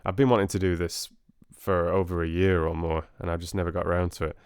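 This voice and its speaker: A man's voice: low voice, flat delivery, fast, a little mellow, clear, resonant tone, dry recording, clean studio sound. A man hosting a live reading stream, chatting casually and hesitantly with many fillers.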